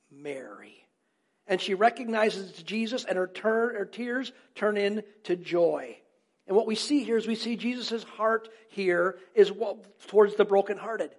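A pastor with a voice that sits high preaches an earnest sermon. He poses rhetorical questions, answers them himself, and repeats key phrases for emphasis.

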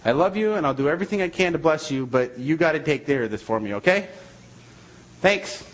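A man voicing his older grandfather, a farmer, praying in a plain, matter-of-fact, unhurried way, slightly lower and quieter than his own voice. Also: animated, low-quality recording. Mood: calm trusting.

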